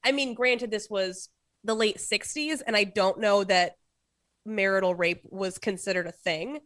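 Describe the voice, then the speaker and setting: A woman co-hosting a podcast in casual chat, measured and thinking aloud. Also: medium pitch, a bit bright, dry recording. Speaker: podcast co-host.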